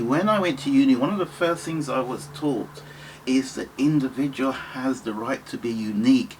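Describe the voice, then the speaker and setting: A man in his fifties with a British accent speaks earnestly to camera, stumbling and restarting as he pleads his case. His voice sits a little high for a man. A faint hum of ambient noise runs behind him. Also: poor audio. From United Kingdom, Nigerian family. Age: 50s. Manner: earnest and halting, with many restarts and pleas. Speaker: vlogger. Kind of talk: impassioned monologue to camera.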